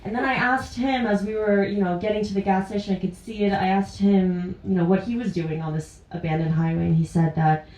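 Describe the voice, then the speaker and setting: A woman from Ontario, Canada shares a true story of her own live on a small venue's indoor stage, chatting and frequently laughing mid-sentence. Her medium-pitched, steady, darkish voice runs a little fast with hardly any pauses, and the recording sounds roomy and distant.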